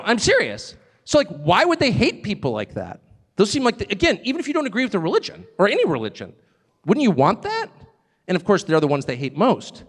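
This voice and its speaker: A middle-aged man giving a live public speech as a guest speaker, animated and sardonic, with mocking asides and short chuckles. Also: a little high. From United States. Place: large hall with a live audience. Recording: long hall reverb with crowd.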